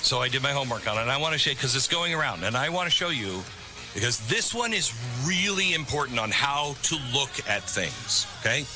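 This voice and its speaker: A man's voice: mid-range voice, very animated, fairly quick, music in the background. A man hosting a talk radio show, talking casually with lots of fillers and restarts and mocking others with sarcastic quotes. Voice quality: conversational, many fillers and restarts. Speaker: radio host. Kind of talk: talk radio monologue with read ad. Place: studio on a ranch.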